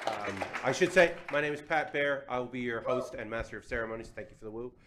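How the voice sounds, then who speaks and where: A man's voice: mid-range voice, fast, very noisy. Chatty, playful panel host, man. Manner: chatty, playful, self-deprecating. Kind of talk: casual live panel hosting. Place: convention panel room. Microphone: handheld or table mic.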